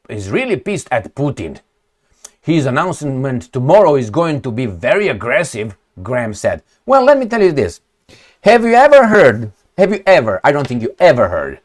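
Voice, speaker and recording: A man rants through commentary on news clips, blunt and profane, dripping with sarcasm. His voice sits a little high for a man and swings widely up and down as he talks. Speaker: political commentator.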